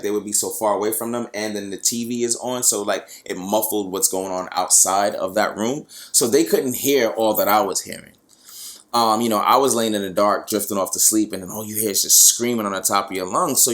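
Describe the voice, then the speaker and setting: A man's voice: on the low side, brisk, a bit bright. A young man hosting a podcast, telling a personal story in a frank, casual way, with lots of fillers and some swearing. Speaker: podcast host.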